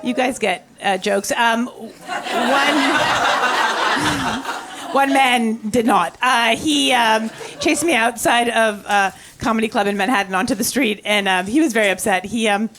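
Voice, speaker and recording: A woman doing a stand-up routine on a club stage, with a dry, halting delivery full of fillers. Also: a little high. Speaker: stand-up comedian. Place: comedy club stage with a laughing audience. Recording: live club audio with loud crowd and noise.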